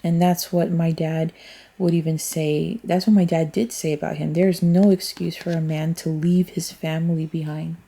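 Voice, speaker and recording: A woman's voice: low voice, flat delivery, normal speed, vocal fry, dark tone. A woman giving a casual tarot reading, thinking aloud in a rambling way and speaking bluntly, with free swearing. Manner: frank, blunt, swears freely. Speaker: tarot reader.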